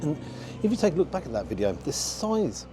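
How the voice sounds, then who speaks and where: A man's voice: on the high side, wildly swooping pitch, brisk, background noise. A man giving a frank, disappointed running commentary as he tastes food outdoors for his review vlog.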